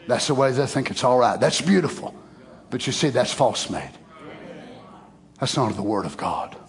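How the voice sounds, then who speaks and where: A man's voice: mid-range voice, expressive, normal speed, vocal fry. A middle-aged man preaching a sermon in a folksy, conversational way that swells into emphatic exclamations. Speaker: pastor.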